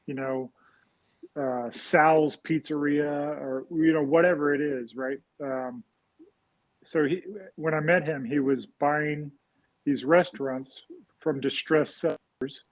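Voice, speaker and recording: A man's voice: a little high, fairly even intonation, slow, dry recording, muffled recording. A man talking casually as an interview guest, rambling and often adding "right?" after his points. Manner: rambling, frequent "right?" tags and fillers. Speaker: guest real estate investor.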